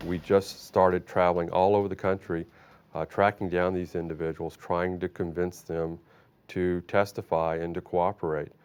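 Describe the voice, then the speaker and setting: A middle-aged man, a federal prosecutor, recalling a case in an interview with measured, earnest speech and some fillers. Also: low voice, darkish tone, clear, resonant tone.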